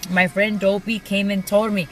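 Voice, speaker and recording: A woman's voice: medium pitch, level tone, moderate pace, fairly bright tone, faint music behind, rough recording. A young woman casually telling a personal story to her viewers, chatty and full of "like" and "you guys". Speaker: vlogger.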